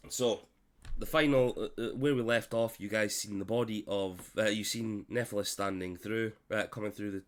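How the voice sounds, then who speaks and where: Low-voiced, unwell man game master. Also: steady tone. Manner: loose, halting narration with many fillers. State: unwell, coughing. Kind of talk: narrating a tabletop game.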